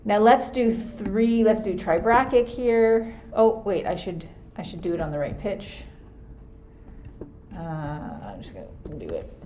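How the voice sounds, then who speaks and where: A woman's voice: mid-range voice, expressive, measured pace, warm tone, a little hiss or hum. A woman teaching a music theory class in a screen-recorded lesson, casually thinking aloud as she works through an example. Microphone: computer mic for a screen recording.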